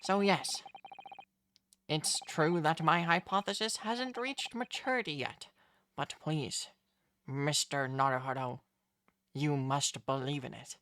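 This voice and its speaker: A woman's voice: deep voice, a bit bright, dry recording, studio quality, pitched below the performer's own voice, full character voice. Woman doing a solemn old-time scientist professor. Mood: earnest. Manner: slow, solemn, theatrical, like a 1940s horse-race announcer. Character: grave, self-pitying male scientist, earnest about his science. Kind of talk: reading game dialogue aloud.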